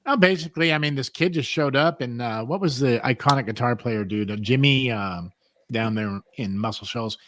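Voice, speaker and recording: A man's voice: mid-range voice, normal speed, a bit bright, a little hiss or hum. A man hosting a podcast, telling long rambling stories in casual chat and laughing often. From US West Coast. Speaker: podcast host.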